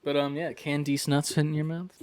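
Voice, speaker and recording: A man's voice: a little high, flat delivery, a little fast, darkish tone, smooth. A man co-hosting a gaming podcast in casual chat, full of crude jokes and banter. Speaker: podcast co-host.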